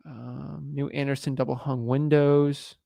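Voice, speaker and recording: A man's voice: medium pitch, flat delivery, measured pace, gravelly, mellow, no echo. A young man commenting casually on a property listing and cold calling a seller, thinking aloud with fillers. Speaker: real estate wholesaler cold calling.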